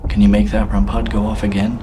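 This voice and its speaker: A man's voice: fairly low pitch, monotone, quick pace, music in the background. A man hosting a paranormal investigation vlog in an old school, bluntly questioning a spirit and swearing often. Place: old school building, indoors.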